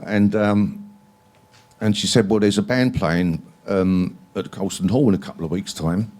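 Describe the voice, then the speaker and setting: A man's voice: low voice, normal speed, darkish tone. A man, telling long stories as a guest in a live interview, rambling and swearing freely with many ums. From England. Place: library event hall.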